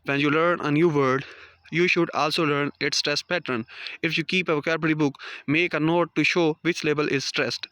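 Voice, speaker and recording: A man's voice: a little high, fairly even intonation, fairly quick, pushed and bright, no echo. A man teaching a lesson, reading out definitions and numbered points like a prepared lecture. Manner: reads out numbered points, non-native phrasing. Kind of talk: read-aloud lecture.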